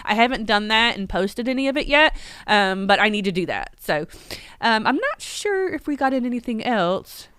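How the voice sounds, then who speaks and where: A woman running a casual live stream from her store, chatty and excitable, with lots of ums. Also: fairly high pitch, moderate pace, smooth, dry recording, clean studio sound. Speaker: shop owner hosting a livestream.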